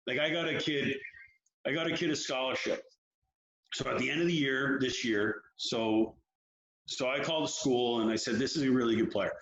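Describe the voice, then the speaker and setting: A man who coaches young hockey players, talking frankly and telling stories in an animated way during an interview. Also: mid-range voice, normal speed, slight background noise. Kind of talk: candid interview talk. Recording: roomy, dull lo-fi sound.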